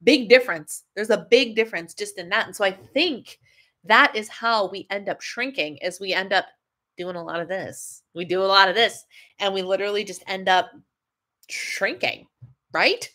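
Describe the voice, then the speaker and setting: Woman, wellness coach, webcam livestream, chatty, animated. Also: medium pitch, normal speed. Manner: chatty and animated, laughs often. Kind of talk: livestream chat reading comments.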